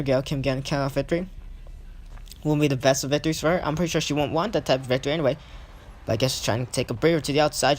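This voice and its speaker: A young man giving casual, self-correcting play-by-play commentary over his own game footage. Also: a little high. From not British. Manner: hesitant, self-correcting, thinks aloud.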